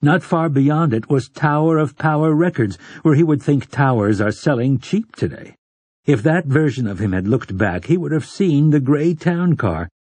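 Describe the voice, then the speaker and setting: A man narrating an audiobook in a measured, even storytelling manner, with a husky voice. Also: a little high, dry recording. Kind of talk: scripted narration.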